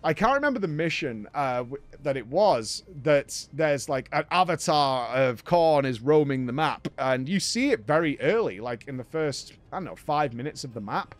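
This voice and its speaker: A man hosts a gaming show and talks through a game he has just played. He is chatty and enthusiastic and tends to ramble. His voice sits on the higher side. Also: animated, moderate pace, hardly any pauses, dry recording. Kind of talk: casual game recap.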